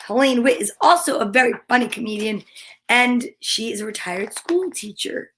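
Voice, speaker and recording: A woman's voice: on the high side, animated, moderate pace, a bit bright, a little hiss or hum. A woman hosting a children's story time, reading picture books aloud with playful, chatty asides and animal sound imitations.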